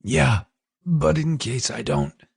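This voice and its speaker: A man's voice: mid-range voice, slow pace, vocal fry, husky, dry recording, clean studio sound, voice pushed up, full character voice. A man voicing a wounded, dying man who speaks faintly and tenderly through pain. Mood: tender, fading. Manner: faint, pained, fading speech.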